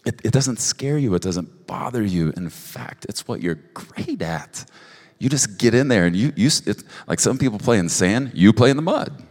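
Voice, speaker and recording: A man giving personal prophetic words to a couple at a church service, halting and earnest, with frequent restarts. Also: on the low side, lively intonation. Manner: halting, with restarts and soft asides. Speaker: prophetic minister. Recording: long hall reverb.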